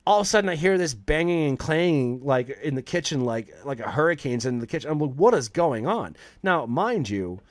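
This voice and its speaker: Profane, animated male storyteller. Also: a little high, brisk, hardly any pauses, no room sound. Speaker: chef and podcast host, interview guest. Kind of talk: casual storytelling in an interview.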